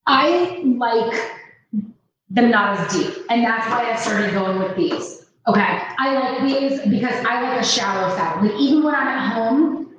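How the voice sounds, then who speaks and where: A woman guest chats easily about her work, with plenty of fillers. Her voice is a bit high. The sound is dull and very echoey, picked up from far off. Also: a little slow. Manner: easygoing, fillers like "like" and "okay". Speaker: guest business owner. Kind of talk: casual live chat.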